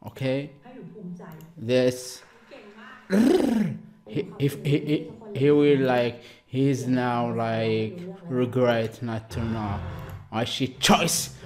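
An Algerian man hosts a reaction video, speaking excitedly in broken English and exclaiming a lot. His voice is mid-range and his pace is slow.

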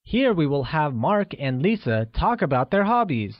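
A man narrating a scripted language lesson in a slow, deliberate and upbeat way, often pausing to praise the learner. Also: fairly high pitch, very animated, no echo. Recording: dry, dull lo-fi studio audio.

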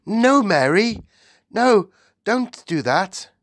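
Regal old queen, clipped and commanding, a man putting her on, raised pitch, slow. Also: big pitch swings, no echo, studio quality. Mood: sharp. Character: regal elderly queen, composed but shaken.

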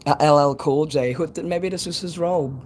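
A man's voice: a little high, moderate pace, a little hiss or hum. A man from Chicago with a Chicago accent, chatting casually on a live stream outdoors at night, rambling and swearing freely. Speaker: livestreamer.

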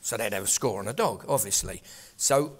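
A man's voice: on the low side, animated, brisk, crowd noise. An older man from England telling rambling, swearing anecdotes among old friends. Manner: rambling, swearing, laughing storyteller. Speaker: storyteller at a table of old friends.

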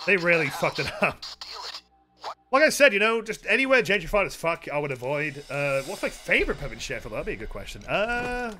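A man with a high, bright voice rambles through a casual live stream, swearing freely as he answers chat. His pitch swings all over the place, and faint music plays behind him. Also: very animated, brisk. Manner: rambling, heavy casual swearing, chatty with viewers.

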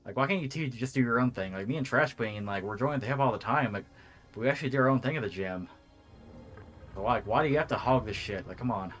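A young man talks quickly through a casual chat, stringing thoughts together with endless fillers and curses. His pitch sits in a middle range. Faint music plays underneath. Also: a bit bright. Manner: rambling, heavy filler, swears a lot. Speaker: co-host.

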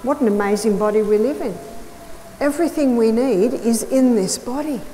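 A woman's voice: a little high, moderate pace. Woman health lecturer in a reverberant hall. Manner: storytelling, emphatic repetition. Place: large hall or church. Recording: reverberant hall with faint noise.

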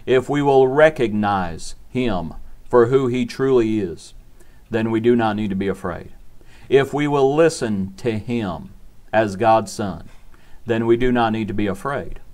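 A man's voice: lowish voice, a little slow, a little mellow. A man preaching a short devotional sermon in an earnest, repetitive cadence.

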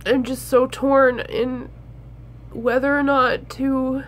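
A woman's voice: high-pitched, little pitch movement. A young woman talking straight to her viewers in a personal vlog, crying as she speaks and stopping and restarting her sentences. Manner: halting, tearful, many restarts. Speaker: vlogger.

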